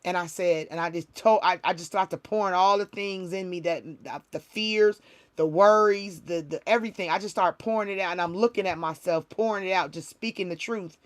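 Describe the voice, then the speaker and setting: Speaking briskly in a fairly low, fairly even voice, a spiritual reader who hosts livestreams tells a heartfelt spiritual testimony. Her casual storytelling is emotional and repetitive, and she restarts often.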